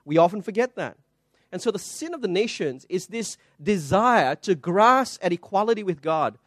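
A male pastor delivers a sermon in a notably high voice, recorded dry with little room sound. He tells stories, acts out the voices in them, and asks his listeners rhetorical questions. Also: lively intonation, moderate pace, dry recording. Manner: storytelling preacher, quoting voices, rhetorical questions. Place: church.

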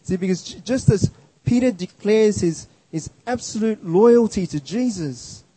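A man preaching a sermon slowly and earnestly, often stumbling over and restarting his words. His voice sits somewhat high but sounds dark and husky. The sound is dry and close. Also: animated, no echo, poor audio. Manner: earnest, emphatic, with repeated restarts.

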